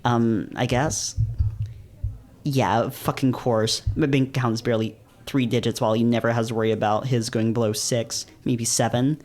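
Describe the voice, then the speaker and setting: Casual man reading a story aloud. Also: mid-range voice. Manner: casual, swears and laughs, quick animated reactions. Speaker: YouTuber reading a visual novel. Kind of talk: dramatic reading with casual commentary.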